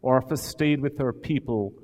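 A man preaching a sermon in a large church hall, talking emphatically and dramatically with sudden loud swells. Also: medium pitch, a little slow. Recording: long hall reverb.

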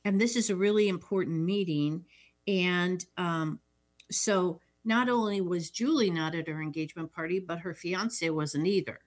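A woman's voice: lowish voice, normal speed. A woman co-host in a casual chat, walking through an old film scene by scene. She keeps it matter-of-fact, with dry little asides. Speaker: podcast co-host.

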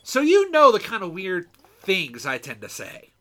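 A man's voice: high voice, huge pitch swings, measured pace, pushed and bright. A man co-hosting a podcast in casual chat, rambling and self-mocking as he goes. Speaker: podcast co-host.

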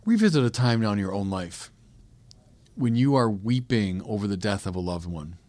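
A man preaching a sermon, swinging from quiet reflection to loud emphatic peaks. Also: on the low side, expressive, normal speed, no room sound. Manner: reflective, with small restarts and hesitations. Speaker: priest preaching.

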